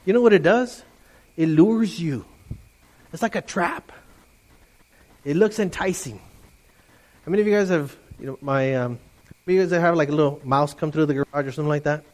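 A middle-aged man preaching a lively sermon to his congregation, animated and playful, often mimicking voices. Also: a little high, normal speed, pauses often. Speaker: pastor.

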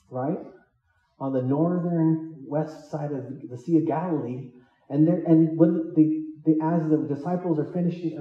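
Animated male pastor in a roomy hall. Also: a little high, distant mic, highs cut off. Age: adult with children. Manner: animated, joking, acts out the disciples' lines. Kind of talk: sermon. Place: church hall.

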